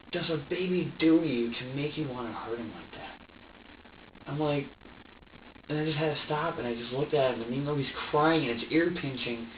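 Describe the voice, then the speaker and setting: A man being questioned by police, talking in halting bursts, repeating words and swearing as he quotes himself. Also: a little high. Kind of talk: police interrogation recording. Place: interrogation room. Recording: roomy, distant, dull with hiss.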